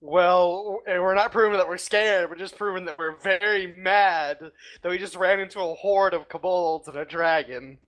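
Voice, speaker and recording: Man, tabletop player, grumbling jokes, slightly high voice. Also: fairly even intonation, normal speed, hardly any pauses, a bit bright. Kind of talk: casual tabletop play.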